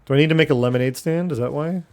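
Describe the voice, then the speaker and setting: A man's voice: a little high, racing, darkish tone, soft background music. A young man streaming a game live, chatting casually with his viewers and reacting as he plays. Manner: chatty, reacting and talking to chat while playing.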